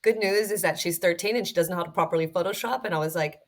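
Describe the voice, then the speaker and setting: A middle-aged woman speaks as a guest on a podcast, her voice sitting a little low. She tells her stories in an animated way, slipping into other people's voices as she recounts what they said. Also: fast talker. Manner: animated storyteller, acts out voices when recounting. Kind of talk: conversational podcast interview.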